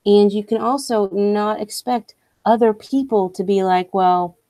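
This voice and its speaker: A woman's voice: mid-range voice, a little slow, dark tone, no room sound. A young woman streamer ranting casually, blunt and profane, full of strong opinions. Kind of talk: casual rant while streaming.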